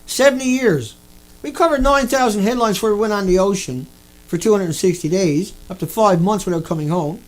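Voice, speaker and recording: A man's voice: high-pitched, a little fast. A man delivering an angry, repetitive rant, swearing often as he talks to his viewers. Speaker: video blogger.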